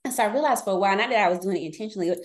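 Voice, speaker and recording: A woman's voice: mid-range voice, racing. Candid, laughing woman in her forties. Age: 40s. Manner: candid storytelling, laughs often, slips into quoted voices. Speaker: podcast guest. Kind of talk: casual interview chat.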